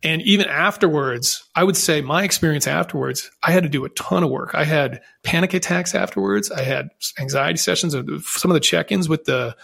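A man's voice: a little high, brisk, creaky, hardly any pauses, a bit bright, breathy edge. A man telling his own story as a podcast guest, in an earnest, reflective way with frequent restarts. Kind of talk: candid conversational storytelling.

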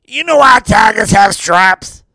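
Comic impression: a man playing a rowdy gravelly coach, bright tense rasp, dry close sound. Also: sits high, expressive, a little slow, no echo, faint music behind, full character voice. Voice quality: gravelly, raspy. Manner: brash, boastful, rambling with bursts of shouting. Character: gravelly Cajun football coach, brash and rowdy. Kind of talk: comedic impression in a mock interview.

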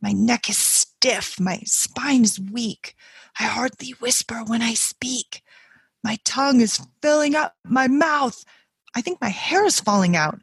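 A whiny little girl piles up dramatic complaints, her voice jumping high and squeaky as she goes, as a woman reads her part in a poem. The sound is close and dry, with no room around it. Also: unhurried, vocal fry, slightly rough, no echo, exaggerated voice. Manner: breathless, melodramatic complaining that jumps high in pitch. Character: little girl faking a long list of ailments. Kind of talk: dramatic poetry reading.

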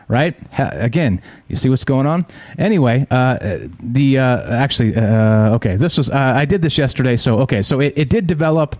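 A man's voice: medium pitch, lively intonation, normal speed, a little mellow, dry recording. Man hosting a news rant, heated and profane, dry close sound. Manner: heated, profane, rhetorical questions. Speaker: host. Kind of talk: ranting news commentary.

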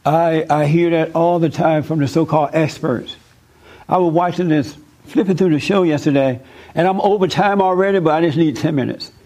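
A man's voice: a little high, moderate pace, darkish tone, poor audio. A man giving spiritual counseling in an emphatic, preachy way, repeating words for stress.

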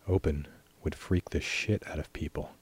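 A man reading a first-person short story in a wry, deadpan way. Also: extremely low pitch, moderate pace, husky. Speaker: story reader.

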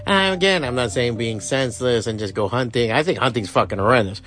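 A man's voice: mid-range voice, a little fast, fairly bright tone, soft background music. A man hosting a podcast, ranting with heavy swearing and sarcastic asides. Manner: heated, sarcastic, swears constantly. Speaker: podcast host. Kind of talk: profane ranting commentary.

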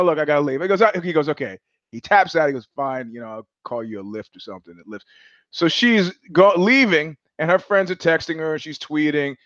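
A man's voice: fairly high pitch, no room sound, highs cut off. A man hosting his own live show, telling a long story in a rambling way, full of restarts and quoted asides. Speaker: show host. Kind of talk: casual livestream monologue.

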